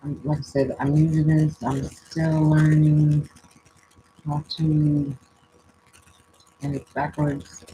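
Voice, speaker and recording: Slow, mellow, rambling card reader. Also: mid-range voice, monotone, slight background noise, low-quality recording. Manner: rambling and musing, trails off often. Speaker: spiritual coach. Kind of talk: casual oracle card reading and prayer.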